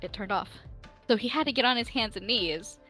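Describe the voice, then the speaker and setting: A woman's voice: a little high, a little fast, pushed and bright, soft background music. Giggly woman telling a story. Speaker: player. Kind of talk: casual chat.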